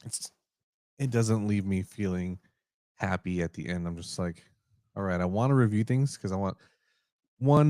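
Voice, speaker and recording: A man co-hosting a podcast, chatting casually in a relaxed, rambling way and often correcting himself. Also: low voice, dry recording, clean studio sound. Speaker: podcast co-host. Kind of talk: casual chat.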